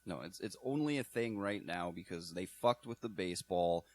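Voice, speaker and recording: A man's voice: deep voice, expressive, moderate pace. A man co-hosting a podcast in casual chat, ranting and swearing freely. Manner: ranting, profane. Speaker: podcast co-host.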